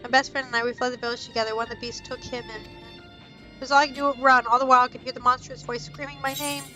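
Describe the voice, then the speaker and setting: Grieving villager, bright voice, subdued; a woman reads it aloud. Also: high-pitched, flat delivery, quick pace, soft background music, rough recording. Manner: reading game dialogue aloud, subdued. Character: grieving young villager who lost a friend.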